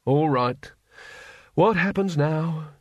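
A man voicing a gloomy, pessimistic failed wizard who speaks flatly and glumly. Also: fairly high pitch, slow pace, dry recording, muffled recording, voice pushed up. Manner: flat, glum.

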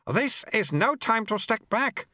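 A man voicing a stern, sharp-tongued old male sweeper monk who snaps his words, in an audiobook. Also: high-pitched, sing-song, a little slow, dry recording, clean studio sound, voice pushed up, exaggerated voice. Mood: stern, scolding. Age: older. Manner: snapping, stern. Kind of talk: audiobook character voice.

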